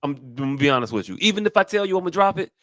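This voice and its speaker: A man's voice: fairly high pitch, very animated, very fast, a bit bright, no room sound, clean studio sound. A man co-hosting a podcast, blunt and profane, often restarting his sentences in casual chat. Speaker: podcast co-host.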